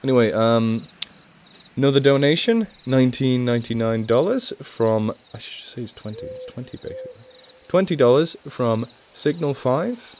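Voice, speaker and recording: A livestream host chats playfully with viewers, putting on an exaggerated American Southern good-old-boy voice and teasing himself. His mid-range voice swings hugely in pitch, with a moderate pace, a darkish tone, and a little hiss or hum.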